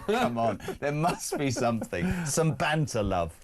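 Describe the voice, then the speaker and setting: A man's voice: on the high side, huge pitch swings, measured pace, a little hiss or hum. A man hosting a radio breakfast show, ranting and joking in brash, opinionated banter.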